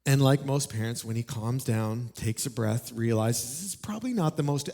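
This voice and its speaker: A man preaching a sermon in a church, telling the story with animated energy and asking the congregation questions. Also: mid-range voice, moderate pace, vocal fry. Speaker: pastor. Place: church auditorium.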